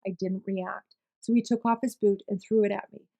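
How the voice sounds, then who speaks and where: A woman reads a long witness statement aloud at a steady, measured pace. Her pitch sits in the middle of the usual range, and she keeps the delivery plain. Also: creaky. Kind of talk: plain read-aloud narration.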